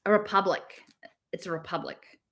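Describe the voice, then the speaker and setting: A woman's voice: mid-range voice, steady tone, moderate pace, a bit bright, natural voice. A woman voicing an earnest, serious teenage girl who talks insistently and reads widely, as she reads a novel aloud.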